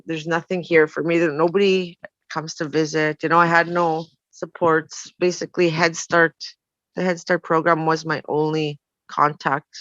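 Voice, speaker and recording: A woman's voice: sits low, a bit bright, no echo. Woman telling her story, dull recording. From Canada. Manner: frank, rambling, with many "you know" fillers. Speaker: storyteller guest. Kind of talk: personal storytelling.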